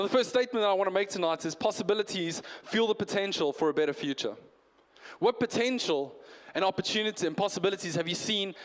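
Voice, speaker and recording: Chatty preacher in a reverberant hall. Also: male voice, sits high. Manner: conversational, animated, asks the congregation questions. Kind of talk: New Year's Eve sermon. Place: church hall.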